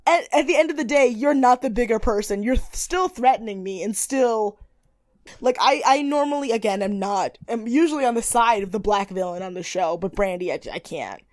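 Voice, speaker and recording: Animated young woman recapping in a dry room. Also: a little fast, no room sound. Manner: animated, acts out quotes in high voices, swears freely. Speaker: podcast co-host. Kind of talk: casual recap chat.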